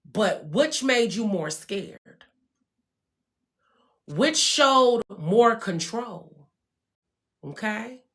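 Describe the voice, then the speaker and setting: A woman giving a candid motivational talk as host of her own show, blunt and profane, swinging between hushed calm and loud emphatic bursts. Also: medium pitch, drawn-out words, long pauses. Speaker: spiritual wellness host.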